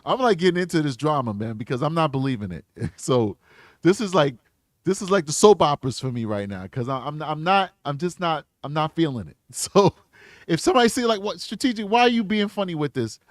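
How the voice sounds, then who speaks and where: A man's voice: a little high, sing-song, fairly quick, no echo, studio quality. A man hosting a true crime channel, commenting bluntly in slangy casual talk while reading posts aloud.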